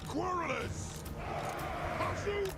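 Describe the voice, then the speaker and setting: A man voicing gruff male dwarf warriors who bark short battle orders in a game. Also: extremely high pitch, lively intonation, very slow, very noisy, exaggerated voice. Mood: battle cries. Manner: short shouted war cries. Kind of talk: game unit voice lines. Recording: loud game music behind.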